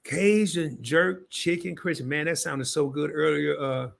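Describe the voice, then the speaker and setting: A man hosting a casual live stream, talking straight to his chat. He gets excited, repeats himself and restarts often. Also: fairly high pitch, unhurried, vocal fry.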